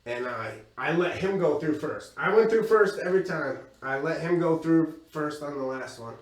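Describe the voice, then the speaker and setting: A man doing crude stand-up storytelling, profane and animated, laughing as he goes. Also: on the high side, normal speed. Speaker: stand-up comedian. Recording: echoey room from far off with crowd.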